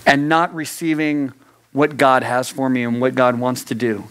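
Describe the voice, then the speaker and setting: A man preaching a youth sermon in an earnest way, swinging between raised urgency and hushed, close delivery and repeating phrases for emphasis. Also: mid-range voice, flat delivery, moderate pace, clear, resonant tone. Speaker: youth pastor.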